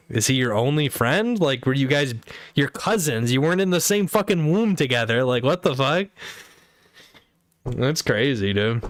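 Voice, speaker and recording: A man chats on his livestream in a loose, rambling way, tripping over his words and peppering everything with fillers and curses. His voice sits at an everyday middle pitch, and the sound is dry and close with no room around it. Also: no echo. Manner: rambling, profane, many fillers and restarts. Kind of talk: casual chat.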